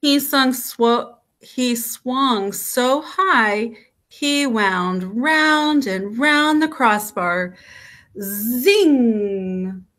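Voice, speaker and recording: A woman teacher reading a picture book aloud to children, expressive and playful with the sound effects. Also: sits high, drawn-out words. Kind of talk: storybook read-aloud.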